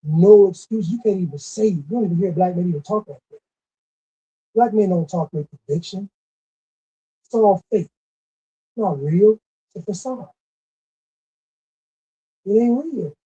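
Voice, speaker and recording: Man, dark husky voice, scolding repetitive rant, dull lo-fi recording. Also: sits high, animated, a little slow, pauses often. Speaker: commentator. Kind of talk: ranting monologue.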